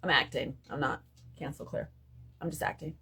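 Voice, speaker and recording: A woman hosts a casual spiritual live stream from her phone. She talks in lively swings, going from loud outbursts to hushed asides, and she curses freely as she goes. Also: deep voice, normal speed, vocal fry, husky. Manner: animated, swings between loud bursts and hushed asides, profane.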